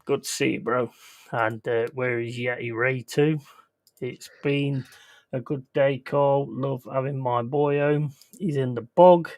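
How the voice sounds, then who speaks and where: Jokey livestream host, dry sound. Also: male voice, mid-range voice, fairly even intonation, unhurried, darkish tone, no echo. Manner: jokey, crude banter. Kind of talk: casual livestream chat reading comments.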